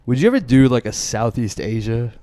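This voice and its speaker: A young man with a Long Island accent, a podcast guest trading fast, brash, laughing banter. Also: mid-range voice, big pitch swings, warm tone, no echo. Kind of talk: casual chat.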